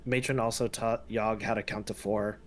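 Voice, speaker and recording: A man doing a slow, simple-minded giant. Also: on the low side, fairly even intonation, lightly acted. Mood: earnest. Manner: speaks of himself in third person, halting and slow. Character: huge, slow, simple-minded young male hatchling. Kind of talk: tabletop role-play.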